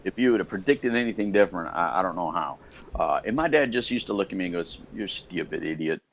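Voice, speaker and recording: Podcast co-host, middle-aged American man, lowish voice, animated storyteller, faint room ambience. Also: quick pace, a little hiss or hum. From United States. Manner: storytelling, animated, acts out quotes. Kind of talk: casual chat.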